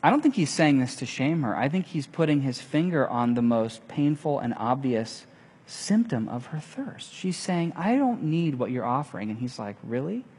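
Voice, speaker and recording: Animated preacher in a reverberant hall. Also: male voice, mid-range voice, moderate pace, slightly rough. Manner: animated storytelling, acting out quoted lines. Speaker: pastor. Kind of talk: sermon.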